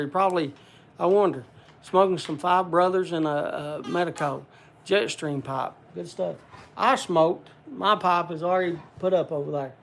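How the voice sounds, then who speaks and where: High-voiced rambling man on a casual stream. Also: gravelly, fairly bright tone. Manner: rambling, reads off viewer names with many "uh" fillers; chatty and folksy, talks to the audience by name. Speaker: livestream host. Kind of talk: casual livestream chat.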